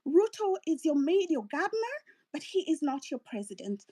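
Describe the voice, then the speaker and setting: Angry, very high-voiced Kenyan woman ranting. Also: big pitch swings, moderate pace, dark tone. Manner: angry, profane, ranting, self-interrupting. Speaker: political commentator. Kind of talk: impassioned political monologue.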